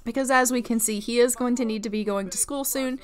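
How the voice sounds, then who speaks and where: A woman's voice: a little high, steady tone, fairly quick. A woman giving casual gameplay commentary, chatty and full of filler words, laughing often. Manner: chatty, full of "like" and "you know". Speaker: let's-play creator.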